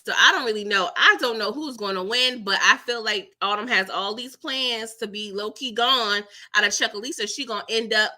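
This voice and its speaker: A woman hosts a casual live-stream recap of a TV episode in a very bright, somewhat high voice. She's animated and chatty, laughs a lot, and keeps tagging her lines with "okay?" and "girl."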